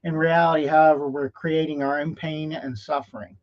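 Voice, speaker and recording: A man's voice: fairly high pitch, level tone, brisk. A male host tells a folksy motivational story in a live stream, often checking in with "okay?", recorded in dull lo-fi livestream audio.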